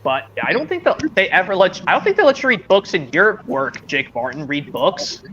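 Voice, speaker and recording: A man's voice: high-pitched, sing-song, a little fast, bright, forceful tone, dull audio, a little hiss or hum. A man streaming a casual chat, rambling and hesitant, with many restarts, heard over a video call.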